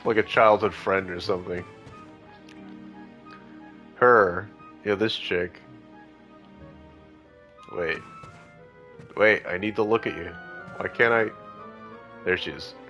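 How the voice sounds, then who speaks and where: A man's voice: low voice, slow pace, long pauses, sharp tone, faint music behind. A tipsy man streaming a video game live, chatting casually and laughing often. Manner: giggly, laughs often and mimics lines.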